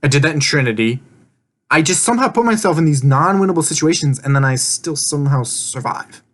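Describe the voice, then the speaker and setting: A man's voice: on the high side, expressive, fairly quick, a bit bright. Rambling, laughing young man. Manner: rambling, laughs often, swears casually, acts out quotes. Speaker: vlogger recapping an online game. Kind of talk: casual rambling recap.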